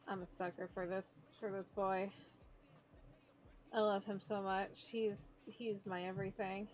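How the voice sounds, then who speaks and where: A woman's voice: mid-range voice, level tone, a little slow, darkish tone, soft background music. A young adult woman streaming as she draws, chatting casually in a gushing, playful, slangy way. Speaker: streamer drawing live. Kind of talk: casual live-stream chat.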